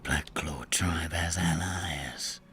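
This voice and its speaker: A game master voicing a terse, proud male tribal warrior in a tabletop role-play, with a growling, whispered rasp and a South African accent. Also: low-pitched, steady tone, takes it slowly, pushed and bright, a little hiss or hum, voice pushed down, exaggerated voice. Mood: gruff, dismissive.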